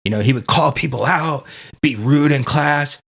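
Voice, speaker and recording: A man's voice: on the high side, moderate pace, creaky, fairly bright tone. A man as a podcast guest telling his story in a casual, candid way, swearing freely and leaning on fillers like "dude" and "man".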